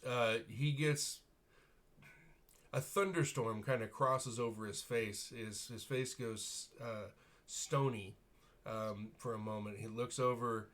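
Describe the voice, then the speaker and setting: A man's voice: mid-range voice, steady tone, slow, fairly bright tone. A man narrating a tabletop role-playing game as game master in a casual way, chuckling and using many fillers.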